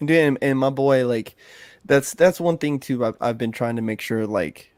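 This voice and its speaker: A man's voice: medium pitch, normal speed, a little mellow, no echo. A man co-hosting a podcast in laid-back, profane, casual chat, often dropping "bro.". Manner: laid-back and profane, says "bro" and "you know what I'm saying" a lot. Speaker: podcast co-host.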